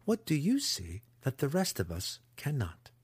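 A curious young dark elf woman, put on by a male narrator, speaking softly and questioningly. The voice lifts far above the reader's own register while staying hushed. It is read close and dry. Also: medium pitch, wildly swooping pitch, measured pace, husky, dry recording, pitched above the performer's own voice, exaggerated voice. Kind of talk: audiobook character voice.

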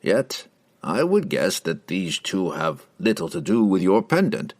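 A wry, eager wizard with a deep voice that rises and falls freely, as a male narrator puts him on. He speaks in a measured, storybook tone. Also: sing-song, exaggerated voice.

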